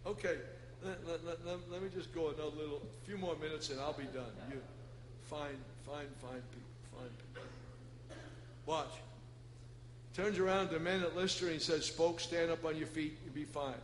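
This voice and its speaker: A man preaching a Pentecostal sermon in a folksy way, swinging between loud shouting and soft asides. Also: a little high, normal speed, pauses often, a little hiss or hum. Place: church. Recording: echoey church hall with ambience.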